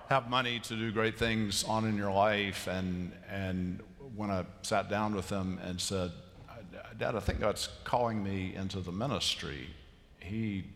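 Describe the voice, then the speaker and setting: In a large church sanctuary, a pastor with a low, fairly bright voice preaches a sermon. Conversational and amused with himself, he slips into the voices of biblical figures, and the recording carries the long hall reverb of the church.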